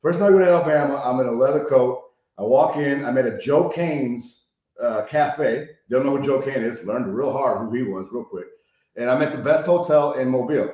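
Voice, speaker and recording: A man from Chicago tells stories as a podcast guest, animated and profane, often checking in with "right?". His voice sits mid-range and rings in a very echoey room. The recording is dull and muffled. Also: mid-range voice, normal speed. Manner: animated storyteller, swears freely, frequent "right?" tags. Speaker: guest, rehab consultant. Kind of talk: casual podcast interview.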